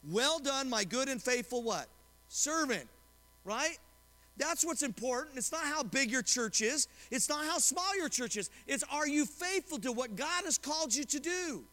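A man's voice: very high voice, expressive, unhurried, sharp tone, long reverb tail. A male pastor preaching a sermon, reading scripture and retelling a story, often asking the congregation questions. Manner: asks the congregation questions and retells stories with quoted voices. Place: church sanctuary.

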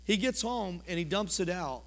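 A pastor preaching a sermon in a church, his delivery impassioned and swinging from loud to quiet. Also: high-pitched, animated, normal speed, gravelly. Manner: impassioned preaching, rising and falling sharply. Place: church sanctuary. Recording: long church reverb.

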